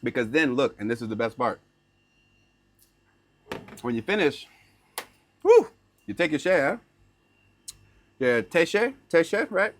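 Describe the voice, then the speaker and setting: A young man telling a story straight to his camera. He talks in a loose, slangy, animated way, leaning on "like" and "right?" as he goes. His voice sits at an ordinary middle pitch for a man. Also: unhurried, long pauses. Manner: slips into learner's Norwegian phrases. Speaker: vlogger.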